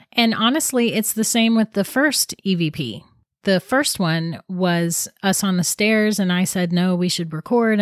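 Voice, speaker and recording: A woman's voice: medium pitch, no echo, studio quality. A woman casually telling viewers about an eerie recording, chatty and intrigued, often restarting her sentences. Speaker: paranormal storyteller.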